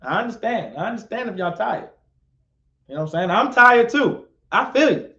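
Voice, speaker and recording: Guy with a really high voice lecturing a class online, keeps repeating himself, roomy echo. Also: sing-song, normal speed, pushed and bright. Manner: repetitive, questions the audience and calls on them. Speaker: class instructor. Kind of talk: live-streamed class lecture. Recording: echoey, dull lo-fi sound.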